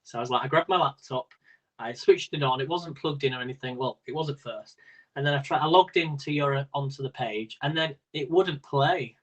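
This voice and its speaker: A man's voice: mid-range voice, fairly quick, poor audio. A man hosting a live-stream quiz in a casual, rambling way, laughing often as he talks. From Britain. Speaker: quiz host.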